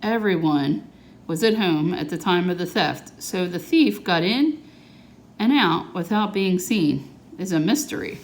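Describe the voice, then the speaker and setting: A woman reading the lines of a grave police officer in a picture-book read-aloud, solemn and measured. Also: on the low side, lively intonation. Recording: echoey room.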